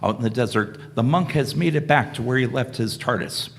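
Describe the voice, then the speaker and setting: A man narrating the stage directions of a live fan radio play in plain, steady narration. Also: mid-range voice, fairly quick, a little hiss or hum.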